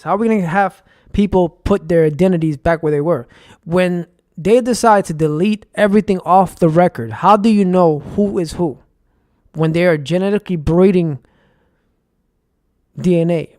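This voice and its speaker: A man's voice: high voice, moderate pace, a little mellow, dry recording, clean studio sound. A young man from New York ranting in a rambling, profane, heated monologue to his viewers. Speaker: vlogger. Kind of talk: casual conspiracy rant.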